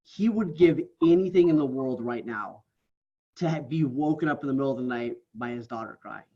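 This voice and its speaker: A man of medium pitch and dark tone, talking a little fast over lo-fi sound. He's an earnest podcast guest in a casual interview, and he tacks "right?" onto many of his lines.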